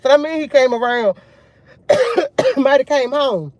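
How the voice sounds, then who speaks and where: A young woman vlogging to her viewers, retelling a run-in in an animated, emphatic way with slang and swearing. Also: sits high, unhurried, no echo. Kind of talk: casual storytelling chat.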